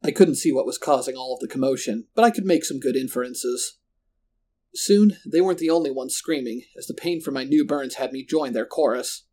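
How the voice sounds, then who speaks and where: A man tells a first-person horror story at a steady, measured pace. His voice sits in a middle pitch. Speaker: narrator.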